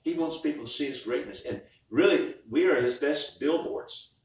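A man's voice: on the high side, moderate pace, slight background noise. A man preaching a sermon as pastor in a conversational style, often restarting his words as he speaks. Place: church sanctuary. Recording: far-off mic in echoey church.

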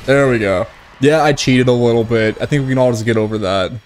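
A man's voice: medium pitch, fairly quick, a little hiss or hum. A young man giving casual, profane gameplay commentary, joking and tipsy from whiskey, with sudden outbursts at the game. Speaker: gaming streamer.

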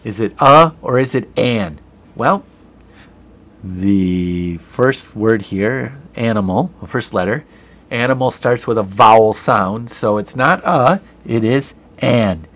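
A man with a somewhat low voice walks through a grammar lesson. He explains each point patiently and step by step, talking to his computer camera as he types. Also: expressive, slow, fairly bright tone. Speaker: teacher. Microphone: computer camera mic.

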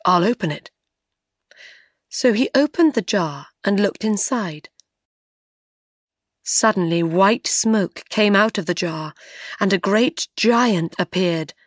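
A woman narrates an easy storybook tale for English learners, reading each short sentence very slowly and clearly. Her voice sits at a middle pitch, and the recording is dry and close, with no room sound. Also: lively intonation, no room sound.

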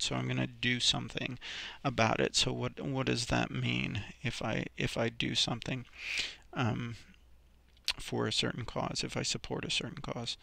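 A man's voice: mid-range voice, gravelly, fairly bright tone, no room sound. A man teaching a recorded vocabulary lesson, explaining each example step by step with many ums and restarts.

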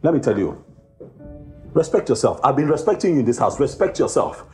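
An actor with a Nigerian English accent playing Boma, an irritable husband tired after work, exasperated and lecturing in a film scene. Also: male voice, mid-range voice, sing-song, brisk, mellow, lightly acted. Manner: exasperated, repetitive, sermonizing. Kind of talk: Nollywood film acting. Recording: echoey room with music.

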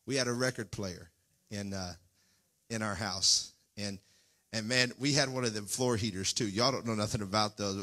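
A man's voice: lowish voice, normal speed, pushed and bright. A man pastor preaching a Pentecostal sermon in a church, folksy and fervent, at times rising into near-singing cries. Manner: folksy, talks straight to the congregation. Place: church sanctuary.

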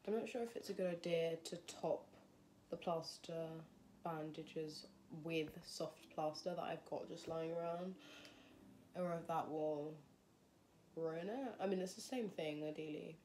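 With slight background noise, a young fashion design student narrates her crafting vlog in a low, darkish voice that moves a little slowly. She chats casually, thinks aloud while working on her project, and frequently teases herself.

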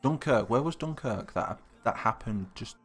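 A man's voice: medium pitch, expressive, moderate pace, a bit bright, breathy edge, soft background music. A young British man live-streaming, chatting casually and thinking aloud while answering viewers' comments. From Britain.

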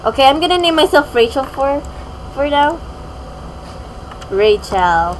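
A woman giving casual, giggly commentary while playing a video game, talking to herself and reacting excitedly. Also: high voice, measured pace, a little hiss or hum, poor audio. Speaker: gaming video creator.

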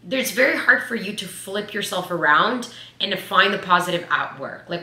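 A woman in her twenties giving casual life advice in a vlog, chatty and animated, with lots of "like". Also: mid-range voice, brisk. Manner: chatty, animated, says "like" a lot. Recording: echoey room.

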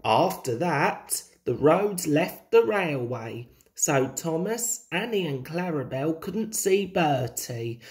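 Woman storyteller, children's book reading, slow pace, lively lower voice. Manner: gentle, expressive, confiding.

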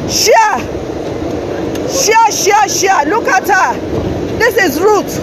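A Nigerian woman live-streaming from her phone outdoors, shouting and confronting people, repeating herself urgently. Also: very high-pitched, animated, slow, very noisy. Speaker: livestreamer confronting officials. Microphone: phone held while live streaming.

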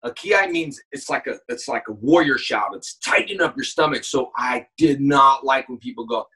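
A man in casual chat as a guest actor, telling animated stories and acting out shouts and quoted lines, heard over a call. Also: medium pitch, normal speed, breathy edge, distant mic, poor audio. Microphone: phone call.

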